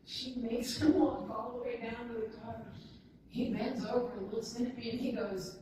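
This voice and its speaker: A chatty woman in her sixties gives a laughing, self-mocking speech at a ceremony. Her voice rings through a big echoey hall and sits back from the microphone. Steady background noise runs under it. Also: on the high side, moderate pace, distant mic. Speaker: guest speaker at a ceremony. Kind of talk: anecdotal speech to an audience. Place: large event hall.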